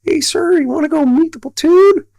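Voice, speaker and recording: A man voicing a young male private with a squeaky, very high-pitched voice, posing as a sergeant, chipper and overly polite. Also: moderate pace, darkish tone, no echo.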